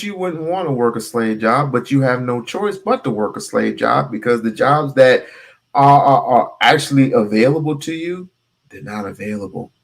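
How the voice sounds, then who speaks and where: Emphatic man with a raised voice. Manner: animated and emphatic, cursing, with big swings in pitch and loudness; rhetorical questions to the audience. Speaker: host reacting to a clip. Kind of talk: casual commentary.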